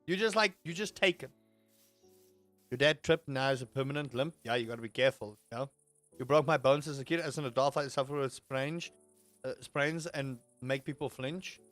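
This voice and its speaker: A man's voice: on the high side, a bit bright. A man hosting a livestream in casual chat, reading out and answering chat with playful jokes and mock outrage. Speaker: livestream host.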